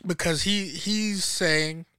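A man co-hosting a casual podcast, pressing his argument and acting out what others would say. His voice is bright and smooth, set slightly high. The sound is dry and close. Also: takes it slowly, dry recording. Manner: argumentative, repeats phrases, acts out quotes. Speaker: podcast co-host. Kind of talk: casual debate chat.

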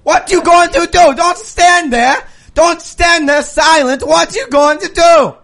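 A man voicing an angry, bossy foreign shop owner in an improv sketch, shouting broken-English demands. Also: extremely high pitch, drawn-out words, gravelly, pitched above the performer's own voice, full character voice.

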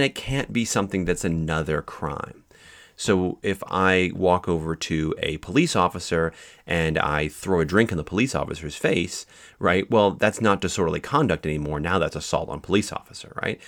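Low, gravelly male law instructor; patient explainer with plenty of ums and restarts. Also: a little fast, fairly bright tone. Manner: explanatory, with many fillers and restarts. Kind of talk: recorded lecture.

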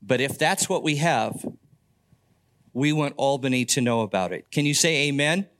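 A man's voice: mid-range voice, expressive, normal speed, a bit bright, slight background noise. An older man preaching a sermon as pastor, earnest, with folksy asides and stories about family.

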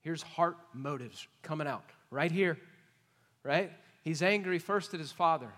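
A man preaching an expository sermon, emphatic and questioning, swinging between loud points and hushed asides. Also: a little high, unhurried. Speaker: pastor. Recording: long reverb of a large hall.

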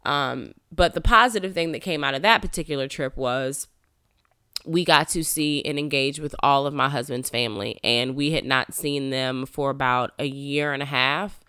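A woman, frankly telling a personal story about her toddlers, animated and swearing a little. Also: extremely low pitch, moderate pace, clean tone, dry recording, studio quality. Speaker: mother of toddlers.

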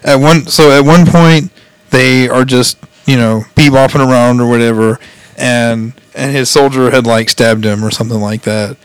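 A man's voice: medium pitch, fairly even intonation, normal speed, clear, resonant tone, no echo. A man chatting casually, retelling a story in a rambling way and laughing as he goes. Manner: rambling, laughs often, quotes characters in voices. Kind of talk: casual chat retelling an anime plot.

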